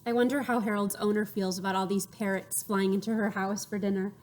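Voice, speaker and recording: A woman who tells stories to children reads a picture book aloud in a medium-pitched voice at a brisk pace. She's expressive and playful, acting out sound effects and inviting the young listeners to join in.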